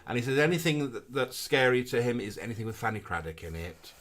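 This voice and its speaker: A man's voice: mid-range voice, lively intonation, fast, a bit bright. A man co-hosting a live show, chatting casually and reading out viewer comments in a camp, gushing manner with sing-song greetings.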